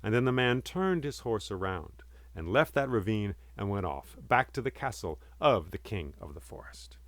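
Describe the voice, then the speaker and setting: A man telling a folk tale in a measured, dramatic and vivid way. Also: fairly low pitch, no echo. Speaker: storyteller. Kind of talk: oral storytelling.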